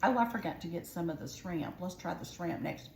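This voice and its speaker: A woman's voice: lowish voice, animated, fairly quick, gravelly, a little hiss or hum. A woman with a Southern US accent hosting a casual home cooking demonstration, chatty and folksy. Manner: chatty, folksy, keeps saying "y'all". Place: home kitchen at the stove. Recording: echoey kitchen with loud frying sizzle. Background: frying and sizzling pan.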